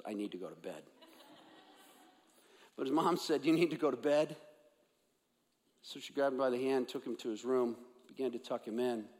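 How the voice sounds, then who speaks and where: Earnest preacher man in a reverberant hall. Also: medium pitch. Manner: earnest, repeats phrases for emphasis. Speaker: pastor. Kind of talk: sermon. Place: church sanctuary.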